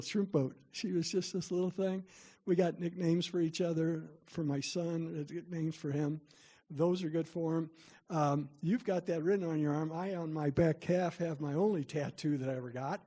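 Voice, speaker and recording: A middle-aged man with a fairly high, mellow voice leads a parent workshop. He tells the room chatty, self-deprecating stories in a storytelling style aimed at parents.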